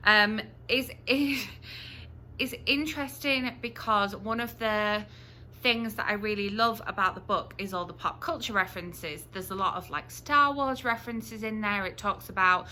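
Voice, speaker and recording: Bright-voiced chatty woman vlogger. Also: mid-range voice, normal speed, a little hiss or hum. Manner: chatty, many ums and restarts. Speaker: book review vlogger. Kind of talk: casual chatty review to camera.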